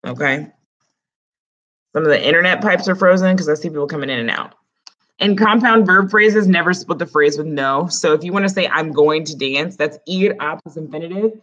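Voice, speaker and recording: A woman's voice: sits low, brisk, fairly bright tone, muffled recording. A woman teaching Spanish grammar in an online class, explaining it step by step in a casual way.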